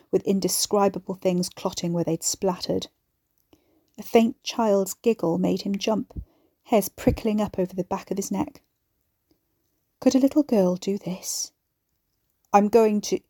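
A woman narrating a horror audiobook in a measured, even storytelling voice. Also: medium pitch, no room sound, studio quality.

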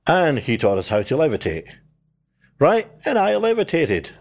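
An older man, telling his life story in a relaxed conversation and acting out the voices of people in it. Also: a little high, moderate pace. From New Zealand. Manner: animated storyteller, acts out his own past voice and others. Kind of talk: conversational testimony.

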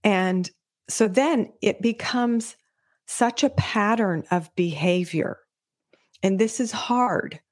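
A woman's voice: mid-range voice, takes it slowly, darkish tone. A middle-aged woman hosting a podcast, explaining child behavior to parents in an earnest, teaching way, sometimes acting out a parent's or a child's words. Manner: earnest, explanatory, acts out parents' and kids' voices. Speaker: podcast host, children's sensory specialist. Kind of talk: solo podcast talk.

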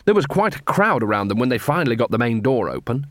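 Male audiobook narrator, measured delivery, mid pitch, dry studio sound. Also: big pitch swings, no room sound. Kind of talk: scripted narration.

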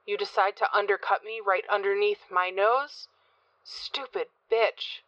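Woman narrator voicing a brutal man, slow and threatening, horror audiobook. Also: medium pitch, fairly even intonation, a bit bright, no echo, highs cut off, close to an everyday voice. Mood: furious. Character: violent abusive man Alex.

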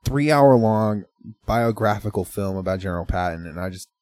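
A man's voice: fairly low pitch, animated, moderate pace, darkish tone, no echo. A man chatting casually as a podcast co-host, rambling through movie plots, laughing often and swearing freely. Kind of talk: casual chat.

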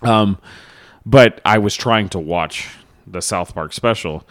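A man's voice: lowish voice, takes it slowly, fairly bright tone. A man co-hosting a podcast in casual, rambling chat with plenty of swearing. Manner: laid-back, swearing, rambling. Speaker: podcast co-host.

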